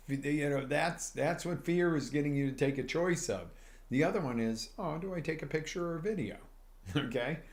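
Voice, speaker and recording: A man coaching live on a stream, his voice grainy and gravelly at a middling pitch. He talks straight to his viewers with plenty of energy and acts out little scenes to make his points. It has the sound of a motivational live broadcast. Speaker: life coach.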